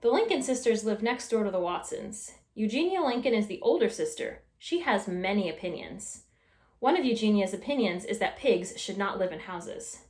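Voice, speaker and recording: A woman reading a children's storybook aloud with expressive, animated storytelling. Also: medium pitch, normal speed. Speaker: storytime reader. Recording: echoey room.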